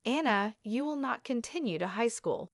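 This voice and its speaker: A woman reading the lines of a cold, stern father who speaks flatly and firmly. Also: on the high side, moderate pace, no room sound, clean studio sound. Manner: flat, cold, firm.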